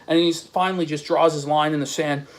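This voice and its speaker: Male streamer with a high voice, profane ranting commentary. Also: steady tone, brisk. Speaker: streamer host. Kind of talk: angry commentary reading posts aloud.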